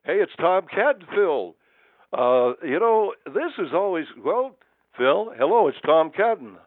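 A man's voice: high voice, big pitch swings, measured pace, no echo. A man calling in, chummy and stumbling over his words. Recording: dry tinny phone line.

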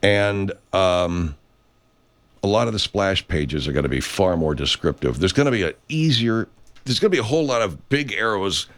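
A middle-aged man hosting a podcast, musing in a casual, rambling monologue full of swearing and restarts. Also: lowish voice. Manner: rambling, profane, many restarts. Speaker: podcast host.

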